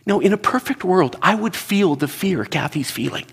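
A middle-aged man preaching, telling stories in a halting, earnest way and repeating words as he searches for them. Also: sits high, animated, vocal fry, a bit bright, slightly rough. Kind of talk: sermon storytelling. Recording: long reverb in a large hall.

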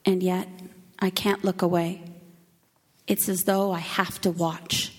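A woman performs a dramatic first-person Easter monologue, her delivery unhurried and solemn. Her voice sits on the lower side, and long reverb from a church hall trails each phrase. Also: flat delivery. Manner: slow, solemn, emotive storytelling.

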